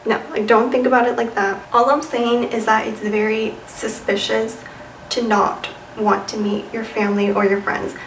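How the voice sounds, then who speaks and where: A woman's voice: fairly high pitch, flat delivery, moderate pace, distant mic, slight background noise. A young woman giving casual dating advice to camera, sassy and chatty, with lots of "like" and "you know". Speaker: vlogger. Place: room with a white wall. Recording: echoey room, voice a bit off-mic.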